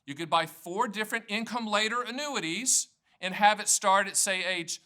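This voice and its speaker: A man in his 60s from North Carolina sells annuities in a direct-to-camera explainer, joking and promoting himself in a folksy salesman's style. He speaks at a moderate pace in a high, bright, pushed voice.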